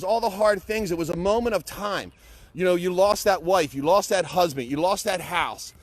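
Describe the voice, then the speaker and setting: A middle-aged man giving an impassioned, blunt pep talk to camera, emphatic, repetitive and peppered with swearing. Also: sits high. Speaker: motivational vlogger.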